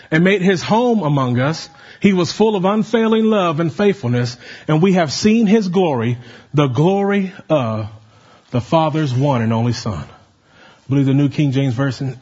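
Guy preaching w a high husky voice, calls out to the crowd, dull lo-fi sound. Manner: rising to emphatic calls, leading the congregation. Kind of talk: sermon with call and response.

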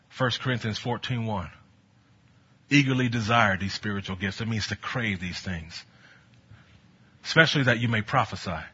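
A man preaching a sermon, telling stories from his ministry and building to bold exhortation, with a husky voice. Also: fairly low pitch. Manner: animated, storytelling, rising to bold exhortation. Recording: dull lo-fi sound.

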